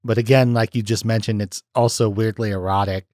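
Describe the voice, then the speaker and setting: A man's voice: lowish voice, steady tone, fairly quick, darkish tone, no room sound, studio quality. A man hosting a podcast in casual chat, recounting film scenes eagerly and laughing often. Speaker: podcast host.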